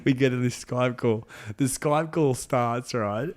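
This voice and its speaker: A man's voice: medium pitch, moderate pace, hardly any pauses. A man co-hosting a casual podcast, telling a story with lots of swearing and laughter. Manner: animated, swearing, laughs through his story. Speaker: podcast co-host.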